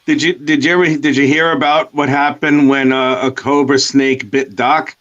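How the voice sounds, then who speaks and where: A man's voice: medium pitch, little pitch movement, normal speed, a bit bright, muffled recording. A man chatting casually on a stream, joking and laughing a lot. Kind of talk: casual chat.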